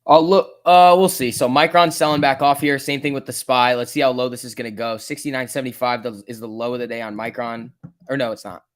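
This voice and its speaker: A man hosting a live stock trading stream, reading chat questions aloud and muttering about charts, then bursting out excitedly when prices move. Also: medium pitch, fast. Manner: casual, swings from mutters to excited outbursts. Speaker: stock trading livestream host.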